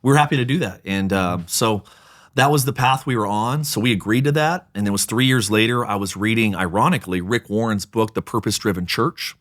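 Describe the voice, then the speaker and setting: A man, a pastor and church planter, telling stories as a guest in a podcast interview, lively and joking. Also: fairly low pitch, brisk. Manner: lively storyteller, acts out quotes, jokes.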